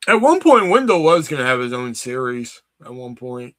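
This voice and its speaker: A man's voice: mid-range voice, very animated, moderate pace, a bit bright, no echo. Brief: laid-back male streamer chatting loosely, cussing, dry, unreverberant sound. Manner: rambling, swearing, heavy filler "like". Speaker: livestream host. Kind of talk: casual live-stream chat.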